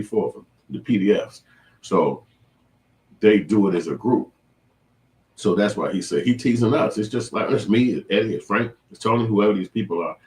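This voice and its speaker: A man's voice: fairly low pitch, a little mellow. A man hosting a reaction commentary, talking in an indignant, lecturing way. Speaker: commentary host.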